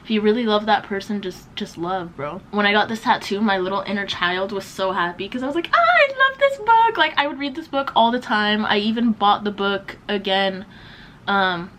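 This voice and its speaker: A woman's voice: medium pitch, a bit bright, rough recording. Young woman, twenties, beauty vlogger, chatty, slangy, casual makeup chat, faint background hiss. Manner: chatty, slangy, lots of "like" and "bro".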